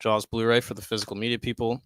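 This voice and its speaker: A young man co-hosting a podcast, chatting loosely and excitedly, swearing freely and filling with "like" and "dude". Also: fairly low pitch, fast, no echo. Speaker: podcast co-host. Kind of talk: casual chat. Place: home studio, live stream.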